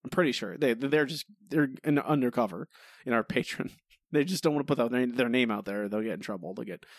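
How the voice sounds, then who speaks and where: A man co-hosting a podcast, talking in animated, exasperated runs and slipping into mock voices. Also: medium pitch, fast, dry recording, studio quality. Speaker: podcast co-host. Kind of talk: casual podcast chat.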